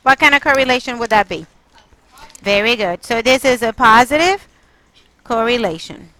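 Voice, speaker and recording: This math teacher's voice is on the high side, animated and sharp, at a moderate pace as she runs her lesson. She coaxes and quizzes her students, first exasperated, then apologetic. The recording sounds rough.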